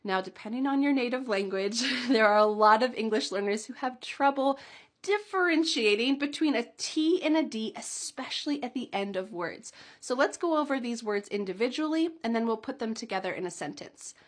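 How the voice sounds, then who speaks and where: A young adult woman teaching English pronunciation, slowly sounding out model words and sentences for learners to repeat, with small laughs between them. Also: on the high side, animated. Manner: slow, drawn-out model words with light laughs. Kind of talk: pronunciation lesson.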